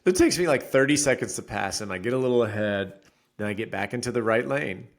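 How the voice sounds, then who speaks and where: Animated man telling a story. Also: mid-range voice, fast talker. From Florida resident. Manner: animated storyteller, acts out quotes loudly. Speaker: podcast co-host. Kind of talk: casual podcast chat.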